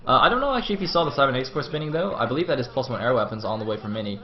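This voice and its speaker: A man giving live play-by-play commentary on a strategy game match, excitable and jumping up in pitch whenever the action heats up. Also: very fast. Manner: excitable, voice jumps high at action. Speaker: esports commentator. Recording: dull lo-fi stream audio.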